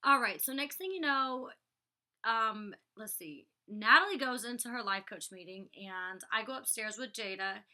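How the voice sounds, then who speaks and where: Young woman, casual vlog chat, very bright voice, slightly high, rambling with lots of likes. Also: lively intonation, moderate pace. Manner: chatty, fills talk with "like" and "you know". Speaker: reality show cast member recapping an episode.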